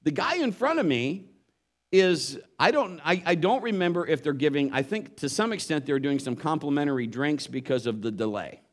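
A man's voice: on the high side, lively intonation, normal speed. A man preaching a sermon, telling a story and acting out the voices of the people in it. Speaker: pastor.

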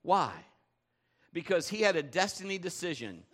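A man's voice: high voice, expressive, moderate pace, a bit bright. A man preaching a sermon in a loose, conversational way, asking the congregation questions and telling funny stories. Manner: conversational, joking storyteller, asks the crowd questions. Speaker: pastor.

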